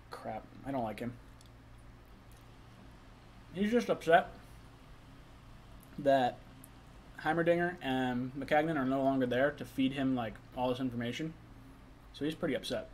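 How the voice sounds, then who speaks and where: A man's voice: medium pitch, normal speed, long pauses. A young man hosting a casual live stream, chatting loosely, reading chat messages and talking while eating.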